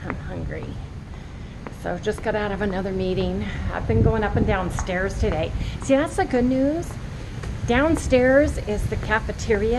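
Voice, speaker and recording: A middle-aged woman vlogging casually, calling her viewers "you guys" as she snacks and walks. Her voice sits at a middle pitch. A clear hiss of background noise runs under the phone recording. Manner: talking while chewing and walking outdoors. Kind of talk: casual vlog chat.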